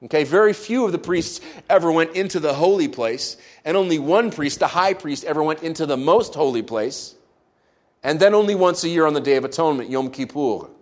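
Man preaching, a touch high. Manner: conversational storytelling with playful asides. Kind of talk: sermon.

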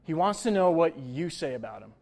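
A young male pastor gives a relaxed sermon in a slightly high voice. He talks loosely and jokes, with plenty of "like" and "uh" as he goes. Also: brisk, vocal fry. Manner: conversational, jokey, lots of fillers like "like" and "uh". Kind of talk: casual sermon.

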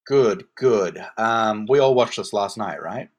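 A man's voice: fairly low pitch, takes it slowly, lo-fi sound. A man co-hosting a casual movie podcast, rambling and joking while he hunts for words. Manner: rambling, jokey, searching for words. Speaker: podcast co-host reviewing a movie. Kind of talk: casual chat.

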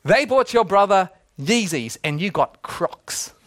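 A man, preaching a sermon with a light, high voice. He keeps it casual and jokey and laughs often at his own stories. The sound is dry and close. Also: animated, unhurried, a bit bright, no room sound. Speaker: pastor.

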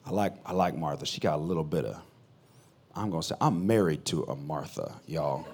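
A man who is a pastor, preaching a sermon in a conversational way, swinging between loud bursts and quiet asides. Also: extremely low pitch, expressive, a little fast, husky.

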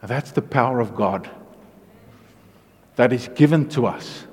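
A man preaching a testimony sermon, telling his story in an animated way, dropping to a hush and then rising to loud excitement. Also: mid-range voice, unhurried, husky. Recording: long hall reverb.

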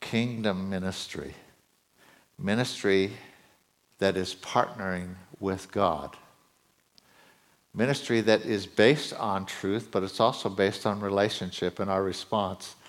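A middle-aged male preacher giving a sermon, his voice climbing higher and louder as he gets excited. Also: slow, long pauses. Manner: voice climbs high and loud when excited.

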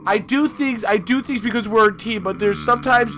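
A man's voice: high voice, fairly quick, background noise. A man hosting a comedy show, stammering through indignant banter and restarting his sentences. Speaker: host.

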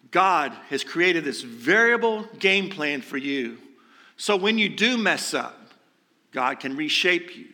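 A man's voice: a little high, pushed and bright. A male pastor preaching a sermon in a conversational way, asking rhetorical questions and dropping light jokes.

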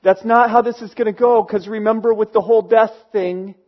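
A man telling a story plays Jesus as a patient, calm teacher with a fairly high voice, talking to his followers plainly and reassuringly. The recording sounds a little muffled. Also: brisk.

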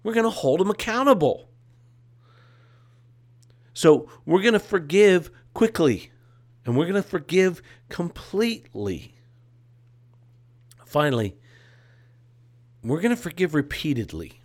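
A man's voice: a little high, sing-song, unhurried, long pauses, a little mellow. A man preaching a sermon as a pastor, with a repetitive, emphatic cadence and casual asides.

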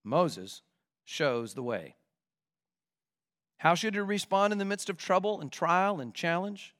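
Animated high-voiced male preacher. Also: measured pace. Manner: animated, conversational preaching with vivid examples. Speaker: pastor. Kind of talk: sermon.

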